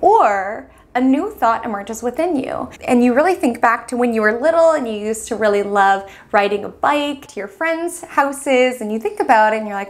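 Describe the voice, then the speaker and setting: A woman with a voice pitched a little above the usual talks through a weekly astrology forecast. She tells it as a vivid story addressed to the listener, with lively and expressive delivery. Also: moderate pace, few pauses. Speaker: astrology host.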